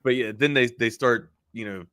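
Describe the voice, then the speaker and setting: A man's voice: mid-range voice, moderate pace, pushed and bright, smooth, dry recording. A man co-hosting a live sports talk stream, talking loosely with plenty of filler words. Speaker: sports talk show co-host.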